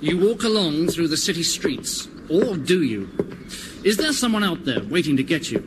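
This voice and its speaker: A man's voice: on the high side, big pitch swings, normal speed. A man performing scripted radio sketch comedy in a jaunty, playful manner. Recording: noisy vintage radio recording.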